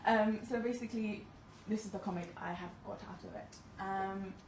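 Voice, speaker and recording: Speaking to an audience, a woman in her twenties who studies medicine keeps her talk chatty and self-mocking, laughing frequently. Her medium-pitched voice has a darkish tone and fairly even intonation at a moderate pace; the distant mic picks up room echo and faint noise.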